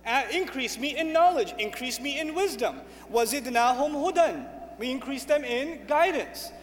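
A man's voice: very high-pitched, fast talker. Emphatic male preacher in a reverberant hall. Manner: energetic, emphatic, repeats phrases, recites Arabic verses. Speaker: Islamic speaker. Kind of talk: sermon. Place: lecture hall with an audience.

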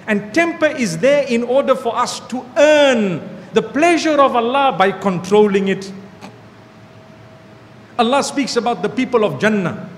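Man, preacher, sermon, high-pitched, animated, repeats phrases, long hall echo. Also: measured pace. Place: hall with an audience.

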